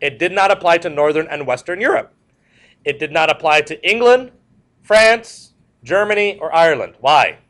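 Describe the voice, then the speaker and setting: Male history teacher, classroom lecture, high voice, lively swooping delivery, repeats points, jokey asides. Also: normal speed. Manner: repetitive, animated, joking asides to students.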